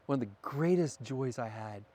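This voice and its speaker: A middle-aged man talking fast in an animated, profane conversation as a podcast guest. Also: mid-range voice. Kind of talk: casual conversation.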